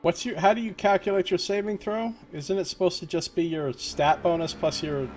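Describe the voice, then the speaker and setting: A man's voice: high-pitched, steady tone, moderate pace, darkish tone, soft background music. A man chatting and joking as a player at a tabletop game. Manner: joking, asks questions. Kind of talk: casual chat at a tabletop game.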